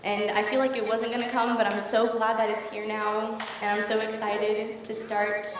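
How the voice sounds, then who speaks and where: A woman's voice: a little high, level tone, normal speed, slight background noise. A young woman, the bride's daughter, giving a gushing, emotional wedding toast at a reception. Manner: emotional, gushing, laughing through tears. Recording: echoey hall from far off, crowd.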